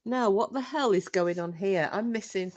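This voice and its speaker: A woman's voice: medium pitch, moderate pace, a little mellow, lo-fi sound, slight background noise. A middle-aged woman hosting a casual livestream, chatting and reacting to comments from her chat with frequent laughter. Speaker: livestream host reading chat.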